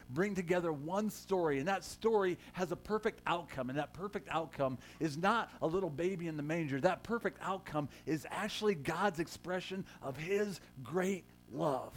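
A man with a slightly higher voice delivers a conversational sermon in a church, teasing members of his congregation and building to emphatic moments. A faint hum sits under the recording. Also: normal speed, hardly any pauses. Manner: conversational preaching, rising to emphatic quotes, joking with the congregation. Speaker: pastor.

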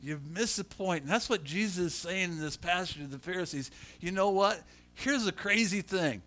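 A middle-aged male pastor delivers a storytelling sermon in a high, bright voice. He acts out the people in his stories with lively shifts of voice. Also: normal speed.

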